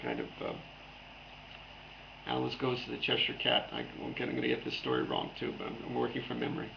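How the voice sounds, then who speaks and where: A man's voice: medium pitch, very animated, brisk, creaky, highs cut off, noisy background. A man giving a playful dharma talk as a Zen teacher, repeating phrases back and forth.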